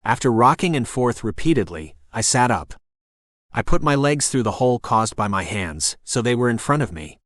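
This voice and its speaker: Man, audiobook narrator, steady storytelling read, mid pitch, dry close recording. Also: normal speed, no echo. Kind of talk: scripted first-person narration.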